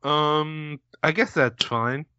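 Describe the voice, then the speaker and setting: A man co-hosting a podcast, giving dry, deadpan replies. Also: fairly high pitch, slow, clear, resonant tone, dry recording. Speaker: podcast co-host. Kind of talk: casual podcast chat. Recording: slightly dull, muffled audio.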